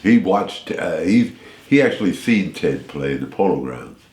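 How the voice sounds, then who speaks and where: Deep-voiced man telling lively stories. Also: normal speed, echoey room. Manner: rambling, animated storytelling with restarts. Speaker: radio interview guest. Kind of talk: storytelling in a radio interview.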